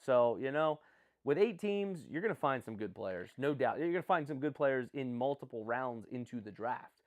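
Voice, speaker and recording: A young man hosting a live stream, commenting on a sports draft in an excitable, rambling way and often correcting himself. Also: mid-range voice, normal speed.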